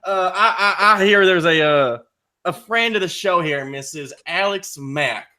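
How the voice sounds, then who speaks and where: Man putting on a cocky, loud trivia-league bro, swaggering, bright-toned. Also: high voice, unhurried, full character voice. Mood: brash. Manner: swaggering, loud, cheerful trash talk. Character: brash cocky male trivia-wrestling dude persona.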